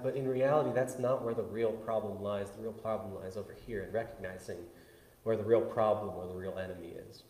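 Man, pastor, conversational sermon, mid-pitched voice, roomy echo. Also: normal speed. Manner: conversational, swinging between loud and hushed. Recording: echoey hall with long reverb.

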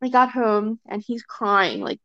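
A young woman talks casually as a podcast guest, at a middle pitch. Her talk is loose and full of fillers and quick acted-out quotes. The recording is dry and a little dull. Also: expressive, bright, forceful tone, dry recording. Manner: chatty, filler-heavy, often acts out quotes. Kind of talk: casual chat. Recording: dry, slightly dull sound.

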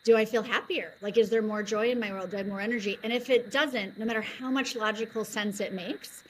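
Bubbly woman guest, quick to laugh. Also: on the high side, steady tone, slight background noise, poor audio. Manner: bubbly, laughs easily, lots of "like". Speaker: podcast guest, energy coach. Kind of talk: casual interview chat.

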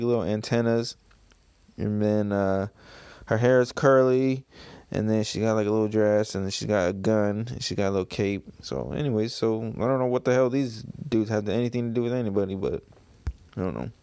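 A man's voice: fairly low pitch, brisk, a little mellow, smooth, no echo. A man casually reading through a comic and describing its pages, with loose, filler-laden talk. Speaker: comic reader, video host.

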